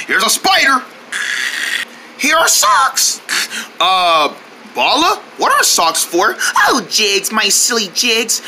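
A man's voice: extremely high pitch, wildly swooping pitch, slow, long pauses, pushed and bright, a little hiss or hum. A man voicing goofy cartoon characters in playful, sing-song banter.

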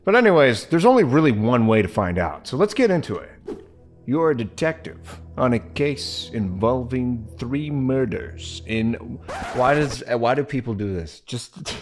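A man hosting a let's-play video, giving joking, sarcastic commentary as he plays. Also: mid-range voice. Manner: animated, joking, sarcastic asides. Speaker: gaming video host.

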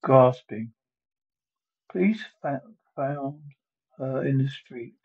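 Husky man reading a film script aloud. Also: medium pitch, slow, a little mellow, muffled recording. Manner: reads every part himself, calling out sound effects aloud. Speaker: solo reader of a movie script. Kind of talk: one-man dramatic script reading with spoken sound cues.

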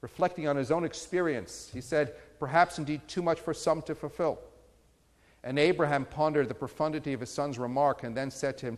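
A man's voice: fairly high pitch, fairly quick, big-room sound. A man, a rabbi, giving a sermon with jokes and stories that rise to emphatic peaks. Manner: storytelling with humor, rising to emphatic peaks.

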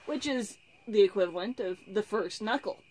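A woman's voice: mid-range voice, moderate pace, darkish tone, dry recording, low-quality recording. A woman reading a fantasy novel aloud and chatting casually between passages. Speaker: book reviewer.

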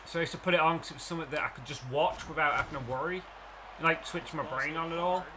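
An English man commenting excitably and cockily as he plays a baseball video game. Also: on the high side, fast, background noise. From England. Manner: excitable, cocky, talks to himself. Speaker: let's play gamer. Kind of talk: live gameplay commentary.

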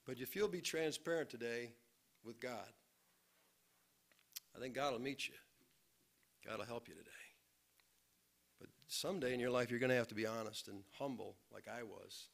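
A man preaching a sermon and leading prayer as a pastor in a church, moving between hushed, low lines and raised, fervent appeals. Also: moderate pace, vocal fry, long pauses. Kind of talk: sermon with closing prayer and altar call. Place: church sanctuary.

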